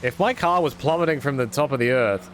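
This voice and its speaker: A man's voice: medium pitch, a little fast, slight background noise. Sarcastic man muttering over a racing game. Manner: sarcastic, self-deprecating, muttering to himself. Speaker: streamer. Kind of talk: casual gameplay commentary.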